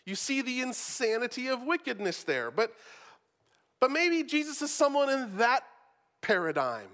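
A man's voice: very high voice, very animated, moderate pace, sharp tone, in a large hall. A male pastor preaching a sermon, talking casually and often repeating words as he starts a thought.

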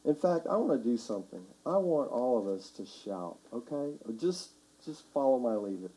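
Mellow-voiced pastor preaching. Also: male voice, mid-range voice, animated, moderate pace, poor audio. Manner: conversational, builds to shouting for emphasis. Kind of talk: sermon. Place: church sanctuary.

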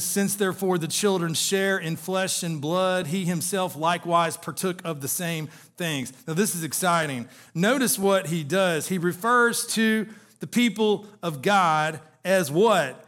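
A man's voice: high-pitched, a bit bright. A male pastor preaching an expository sermon, asking the congregation question after question and building to emphatic peaks.

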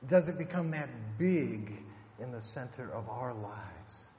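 Brief: male preacher, emphatic sermon delivery, drawn-out scripture quotes, reverberant sanctuary sound. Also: medium pitch, lively intonation, warm tone. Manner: emphatic, rhetorical questions, slows for scripture. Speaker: pastor. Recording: echoey hall, faint room noise.

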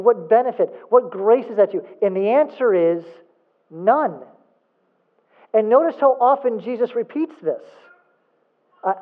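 A man preaching a sermon as a pastor, emphatic, asking rhetorical questions and repeating points for emphasis. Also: sits high. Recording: phone-like thin sound.

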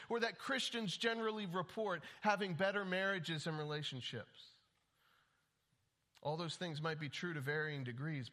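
A man's voice: a little high, bright, forceful tone. A man preaching a sermon, urgent and pleading, often rising in emphasis. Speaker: pastor.

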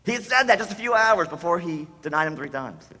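A man's voice: high-pitched, animated, fast, bright, forceful tone, long reverb tail. A man preaching a sermon as pastor, in an earnest, conversational way, acting out the quoted dialogue.

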